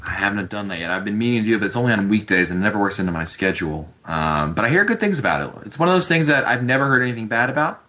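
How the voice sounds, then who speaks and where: A man's voice: lowish voice, animated, very fast, hardly any pauses, sharp tone. A man hosting a casual call-in podcast, chatty and laughing often, with many restarts. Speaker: podcast host.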